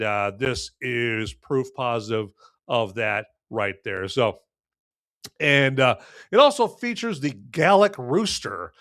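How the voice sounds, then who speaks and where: A man's voice: medium pitch, fairly bright tone, no echo, clean studio sound. Rambling folksy man. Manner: rambling, folksy, many fillers and restarts. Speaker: podcast host. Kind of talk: casual live-stream beer review.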